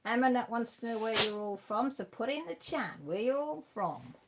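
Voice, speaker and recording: A woman's voice: fairly high pitch, sing-song, moderate pace, very noisy. A Welsh woman in her fifties hosting a casual livestream chat, reading out viewers' comments and laughing often. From Wales. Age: 50s. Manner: chatty, laughs often, reads out names from the chat. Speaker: livestream host.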